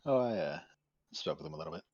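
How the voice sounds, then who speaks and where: A man's voice: extremely low pitch, animated, quick pace, a little mellow, husky, no room sound. A man playing his character in a casual tabletop game, describing his actions in a loose, stumbling way. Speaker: player. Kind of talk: casual tabletop role-play. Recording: dull lo-fi mic.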